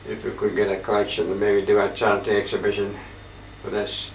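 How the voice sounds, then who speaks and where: A man's voice: lowish voice, flat delivery. Older man, echoey and distant. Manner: halting, wandering, frequent throat clearing. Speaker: painter talking about his paintings. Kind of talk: rambling casual reminiscence. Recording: echoey room, distant mic, faint hiss.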